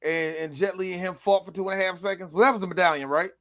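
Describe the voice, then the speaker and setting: A man hosting a podcast in casual chat, animated, joking and profane. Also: high voice, fast, no echo. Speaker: podcast host.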